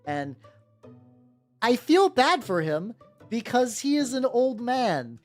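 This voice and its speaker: A woman hosting a casual live stream while painting miniatures, rambling and swearing freely, with soft music behind her. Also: big pitch swings. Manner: rambling, swears casually, quick pitch jumps when quoting people. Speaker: vtuber host painting miniatures. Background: soft background music.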